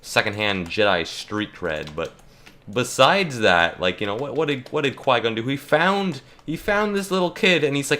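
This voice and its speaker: A man's voice: mid-range voice, lively intonation, normal speed, sharp tone. A young man ranting jokingly and rambling while he plays a video game, full of fillers and restarts. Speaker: gaming YouTuber. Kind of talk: casual rant while playing.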